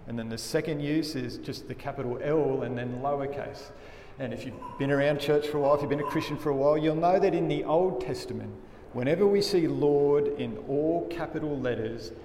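A man delivers a sermon in a slightly higher voice, taking his time with each phrase. He preaches with earnest emphasis and sometimes sinks to a hushed tone for effect. The sound rings through a large hall over faint background noise. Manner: earnest, emphatic preaching with dramatic drops in volume. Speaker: pastor.

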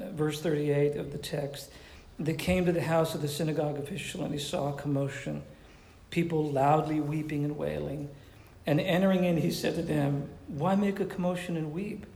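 A man delivers a sermon in a conversational, questioning way. His voice is slightly high and gravelly. The room around him is echoey. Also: darkish tone. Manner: conversational preaching, asks the audience questions. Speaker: pastor.

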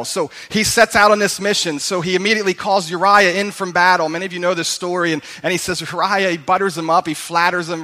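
A man's voice: sits high, steady tone, fast, few pauses, pushed and bright, big-room sound. A male pastor preaching a sermon in a conversational storytelling way, calling on the congregation to respond.

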